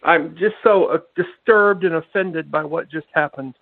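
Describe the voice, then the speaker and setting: Gravelly, fussy male caller. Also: on the high side, moderate pace. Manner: prim, fussy, disapproving. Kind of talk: comedic call-in radio bit. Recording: tinny phone line.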